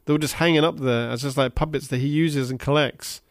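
A man's voice: mid-range voice, steady tone, brisk, dry recording, clean studio sound. A man co-hosting a podcast, casually retelling cartoon episodes in detail with frequent fillers. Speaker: podcast co-host. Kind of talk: casual chat.

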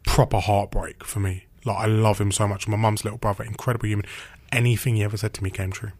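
A man who works as a radio presenter, telling stories in a casual interview, chatty and animated with lots of "like" and "you know.". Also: fairly low pitch, fast.

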